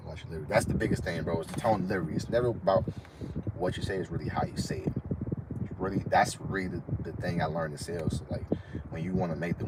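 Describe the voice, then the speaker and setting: A young man from Florida gives casual advice on a live stream. His voice sits low and deep, and he leans on "bro" and repeats himself as he talks. Steady noise runs behind him. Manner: casual, says "bro" constantly, repeats points. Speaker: online fitness trainer.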